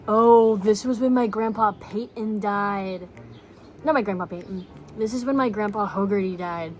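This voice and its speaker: A young woman tells a story to her camera in a casual, blunt way, swearing freely and filling pauses with "like". Her voice sits at an ordinary middle pitch. Soft music plays faintly behind her. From Texas. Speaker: vlogger.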